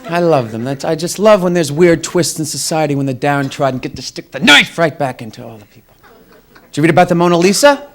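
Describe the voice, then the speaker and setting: High-voiced young male stand-up comic. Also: animated, fast talker, fairly bright tone. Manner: wry, mocking, slips into quoted voices. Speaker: stand-up comedian. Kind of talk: stand-up comedy set. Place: comedy club stage with live audience.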